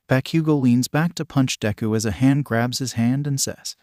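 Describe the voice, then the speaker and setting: A man narrating a fan fiction story with a steady, plain reading. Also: mid-range voice, normal speed, few pauses, dry recording, clean studio sound.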